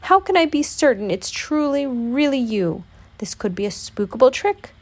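A woman doing a squeaky, timid little piglet. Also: big pitch swings, normal speed, heavily acted. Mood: anxious. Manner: squeaky, stammering. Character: timid tiny male piglet, nervous and stammering. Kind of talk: storybook read-aloud.

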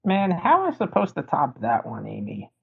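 Relaxed moderator, mid-pitched man, phone-like tinny audio. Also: moderate pace, gravelly, husky. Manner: easygoing, chatty, calls on speakers. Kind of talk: casual chat.

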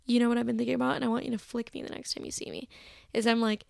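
A young woman in her twenties talks on her own for a podcast, rambling and chatty, often critical of herself. Her voice sits a bit high with plenty of vocal fry. The recording is close and dry, made from her bed. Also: flat delivery, very fast, dry recording. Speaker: podcast host. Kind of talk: casual solo chat. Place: bedroom, sitting on her bed. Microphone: personal mic.

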